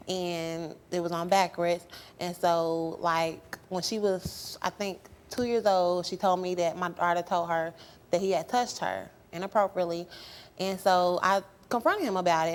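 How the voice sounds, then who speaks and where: A young woman speaks as a talk show guest, wandering through her account in a hesitant, halting way. She leans on fillers and restarts as she goes. Her pitch sits in a middling range. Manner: rambling, hesitant, full of fillers. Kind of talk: emotional talk show testimony.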